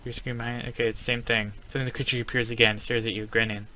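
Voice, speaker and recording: A man's voice: medium pitch, flat delivery, rapid-fire, bright, forceful tone. A man playing a text adventure game, reading the story aloud in a casual let's-play style and breaking into startled exclamations.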